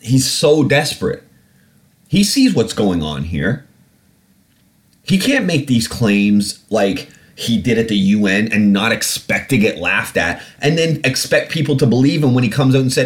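A man's voice: medium pitch, very animated, unhurried. A man hosting a podcast, ranting animatedly and swearing freely in casual talk. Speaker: podcast host.

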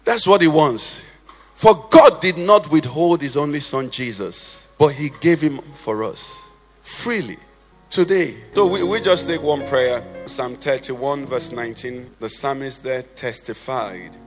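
Impassioned preacher in a reverberant hall. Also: male voice, medium pitch, lively intonation, measured pace. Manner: impassioned, sing-song cadence, swells to shouts then drops to hushed prayer. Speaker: pastor. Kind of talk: sermon and led prayer. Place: church sanctuary. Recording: reverberant church hall with faint music.

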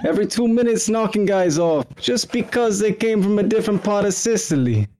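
A man voicing a tough old-time mafia boss in a put-on New York Italian-American accent, gruff and swaggering. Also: high voice, lively intonation, fairly quick, darkish tone, a little hiss or hum, voice pushed up. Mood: boastful. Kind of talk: casual podcast chat.

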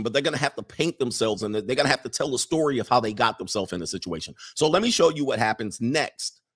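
A man's voice: mid-range voice, a bit bright. A man giving casual, chatty commentary over film clips, repeating himself and dropping into character voices. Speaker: video commentator.

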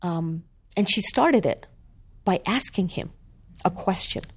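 A woman, an author and guest on a talk show, tells a story at a slow, unhurried pace. Her voice swings widely in pitch as she brings the tale to life, and her delivery stays animated and expressive throughout. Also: husky. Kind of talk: storytelling in a conversation.

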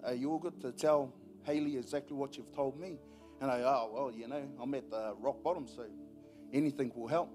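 New Zealand man telling his testimony. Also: fairly high pitch. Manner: casual, storytelling, laughs often. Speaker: testimony speaker at church. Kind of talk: personal testimony. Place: church service.

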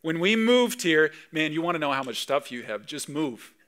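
His high, bright voice swinging widely in pitch, a pastor from Canada in his thirties preaches at normal speed. The sermon feels like conversation and storytelling, rising with animation at key moments.

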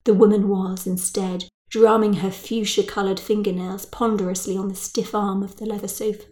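A woman's voice: mid-range voice, flat delivery, normal speed, mellow. Woman narrating a story.

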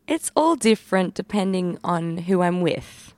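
An Australian woman guest on a podcast, speaking softly and reflectively in casual chat. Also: on the low side, animated, unhurried, no room sound. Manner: soft, reflective, laughs easily.

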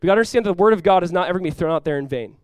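A male pastor preaching a sermon with lots of energy, acting out quoted voices with big jumps in pitch and volume. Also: very fast, clear, resonant tone, no room sound.

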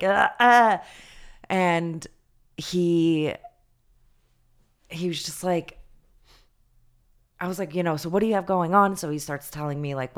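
Low-voiced woman telling a chatty story. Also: clear, resonant tone. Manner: chatty, animated retelling with lots of fillers. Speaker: podcast co-host. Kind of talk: casual storytelling chat.

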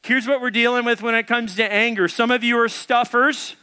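A pastor preaching with a high, bright, ringing voice. He tells a comic story with lively energy and acts out every quote as he goes. He is a man in his thirties or forties, speaking as a storytelling preacher before his congregation. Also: a little fast, clear, resonant tone. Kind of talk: storytelling sermon.

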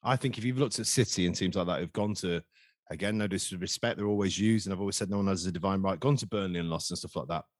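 Male podcast host, quick and animated, dry close sound. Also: low-pitched, dry recording. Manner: animated, swearing, jokey. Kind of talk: casual chat.

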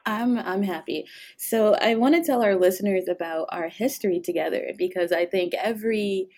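A woman's voice: mid-range voice, normal speed. A woman hosting a podcast interview, chatting casually and encouraging her guest. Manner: warm, encouraging listener, frequent laughs. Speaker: podcast host.

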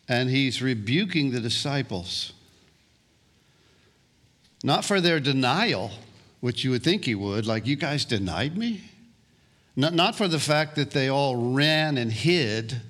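A man preaching a sermon as pastor, deliberate and prone to repeating words as he restarts phrases. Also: mid-range voice, fairly bright tone.

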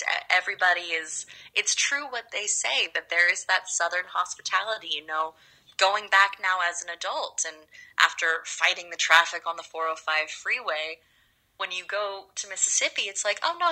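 A young woman from Los Angeles, a guest actress, telling animated stories in a casual interview. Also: on the low side, low-quality recording. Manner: animated, drawn-out storytelling.

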